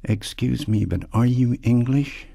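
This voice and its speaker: A man voicing a lonely American man who speaks slowly and faintly, with the weak care of someone recovering from illness. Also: mid-range voice, gravelly, dark tone, no echo, clean studio sound, pitched above the performer's own voice. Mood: forlorn.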